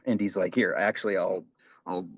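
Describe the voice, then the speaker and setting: A man's voice: deep voice, fairly even intonation, normal speed, breathy edge, no echo, lo-fi sound. A man co-hosting a podcast, telling a rambling, profane story in casual chat. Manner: rambling storytelling, swears a lot. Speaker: podcast co-host.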